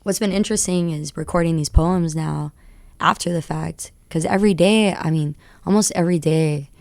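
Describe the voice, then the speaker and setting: A young adult woman rapper talking as a radio guest, recounting stories in an excitable, tumbling way. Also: deep voice, moderate pace, gravelly, no echo. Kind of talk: animated storytelling interview. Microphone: studio radio mic.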